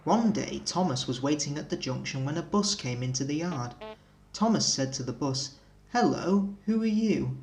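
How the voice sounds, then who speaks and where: A man narrating a children's railway storybook with gentle, expressive storytelling. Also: mid-range voice, moderate pace, faint music behind, poor audio.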